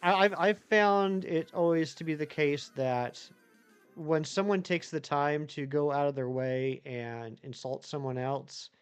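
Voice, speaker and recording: A man chatting on a live stream. His voice sits a bit high and sounds smooth and clear. He rambles and answers viewers one by one. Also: unhurried, faint music behind. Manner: rambling, chatty, reads chat aloud and answers it. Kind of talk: casual live-stream chat.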